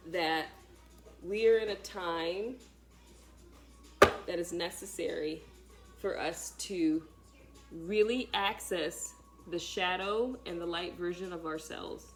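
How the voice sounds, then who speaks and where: In a lowish voice, this spiritual teacher delivers an animated talk aimed squarely at her viewers. Her style is dramatic and emphatic while staying casual.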